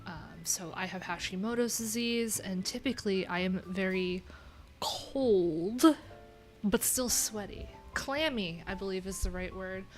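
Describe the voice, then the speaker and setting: A woman's voice: medium pitch, unhurried, faint music behind. A woman from New York with a nasal voice, chatting candidly and rambling on a casual livestream from a room at home.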